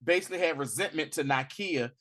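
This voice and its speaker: Male podcast host, fairly high voice, casual slang, animated storyteller. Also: fast talker. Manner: animated, slangy, acts out quotes in bursts. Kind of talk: casual movie review chat.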